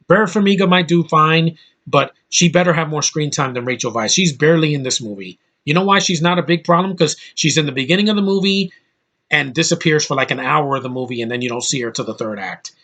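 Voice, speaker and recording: Man, slightly high voice, casual movie review, blunt, ranting, filler-heavy. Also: a bit bright. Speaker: film reviewer.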